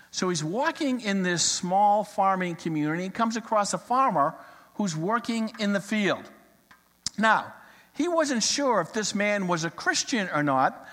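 A man preaching a sermon, telling a folksy story in an animated, storytelling manner. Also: high voice, in a large hall.

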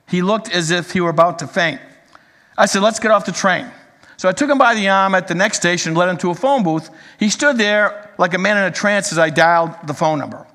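High-voiced man preaching in a reverberant hall. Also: sharp tone. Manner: earnest, measured storyteller who reads a story aloud. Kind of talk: sermon storytelling.

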